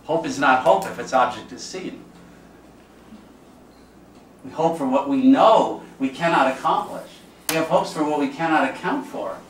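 A man's voice: a little high, lively intonation, moderate pace, pauses often. A man, a priest, giving an informal, conversational teaching talk and acting out the voices of people he quotes. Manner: conversational, acts out quoted speech. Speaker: priest leading a class. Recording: echoey room, distant mic, faint noise.

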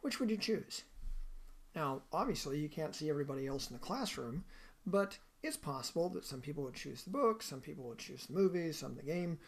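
A woman's voice: deep voice, lively intonation, fairly quick, slightly rough. A woman giving a recorded lecture in a conversational way, often asking the listener questions.

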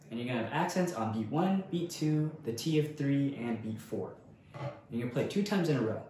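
A man talks through a snare drum lesson in a relaxed, casual way, counting rhythms aloud as he goes. His voice sits in a very echoey room, with faint noise underneath. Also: medium pitch, fairly quick. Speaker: percussion instructor.

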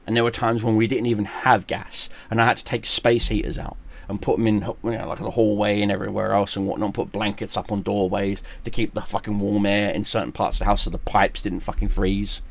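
A man's voice: on the low side, fairly even intonation, fairly quick, vocal fry, no room sound. A middle-aged man, a gaming streamer, delivering a long profane rant straight to camera. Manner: swears heavily, shouting in bursts.

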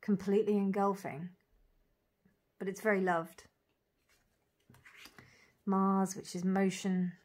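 A woman walking through an oracle deck card by card, calling out each name and meaning with soft, gushing admiration. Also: medium pitch, flat delivery, slow pace, long pauses. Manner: dreamy, admiring, lingers on single words; soft laughs and gushing asides. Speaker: tarot reader reviewing an oracle deck. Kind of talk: casual unboxing walk-through.

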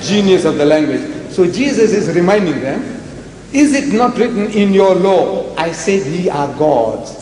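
An older man from South Africa giving a religious debate lecture, animated, often acting out the dialogue he quotes. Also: high voice, measured pace. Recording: echoey hall with faint noise.

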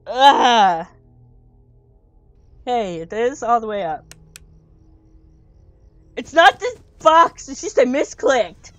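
A woman's voice: on the high side, sing-song, takes it slowly, long pauses, no echo, highs cut off, faint music behind. A woman commentating a horror game she is playing, jumpy, screaming and swearing when startled. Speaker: let's play gamer.

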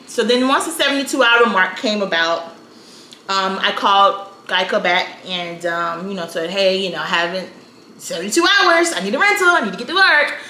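A woman in her thirties from South Florida, casually telling a personal story in a chatty, animated way and often saying "you know". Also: medium pitch. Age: 30s. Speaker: storytime vlogger. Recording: echoey room with faint noise.

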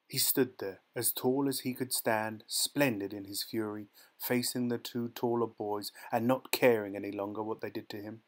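A man narrating a dark short story as an audiobook, in a measured, dramatic storytelling manner. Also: on the low side, steady tone, rough recording. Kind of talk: scripted narration.

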